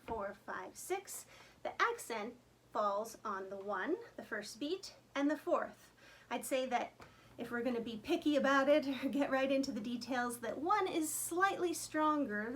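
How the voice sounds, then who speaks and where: Woman, fiddle teacher, chatty, counts beats aloud, higher voice, faint background hiss. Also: a bit bright. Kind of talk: friendly instructional talk.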